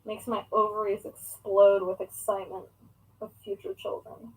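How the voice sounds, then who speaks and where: A woman's voice: mid-range voice, flat delivery, moderate pace, a little mellow, low-quality recording. A young woman chatting casually in a crafting vlog at home, rambling and talking to herself and her pet as she works. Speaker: crafting vlogger.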